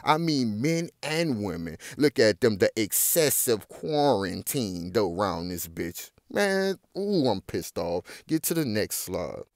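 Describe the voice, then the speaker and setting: A man's voice: fairly low pitch, big pitch swings, unhurried, few pauses, dry recording, studio quality. A man hosting his own news commentary, reading articles aloud and breaking into heated, profane outbursts while calling his viewers "y'all". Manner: addresses viewers as "y'all" in a colloquial drawl. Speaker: host reacting to news.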